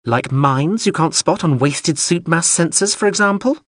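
A male audiobook narrator voicing a touchy, sarcastic floating drone that whines and leaps up in pitch. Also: expressive, moderate pace, no room sound, clean studio sound. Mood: peevish sarcastic. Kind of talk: audiobook character voice.

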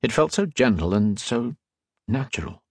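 A man reading a novel aloud in a measured, quiet storytelling manner. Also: medium pitch, expressive, husky, no echo. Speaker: audiobook narrator. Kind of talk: scripted narration.

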